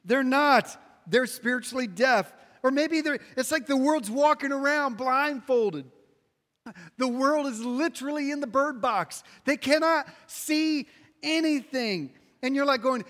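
Male pastor, high-pitched, preaches with repetitive emphasis and sharp loud-soft swings, long hall echo. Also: normal speed. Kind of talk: sermon. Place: large room with an audience.

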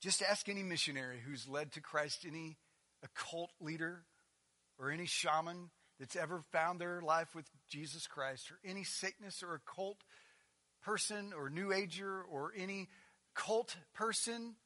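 High, bright-voiced preacher man. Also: moderate pace. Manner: swings from hushed intensity to loud, emphatic preaching; acts out quoted lines in a casual, animated voice. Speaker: pastor. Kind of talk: sermon.

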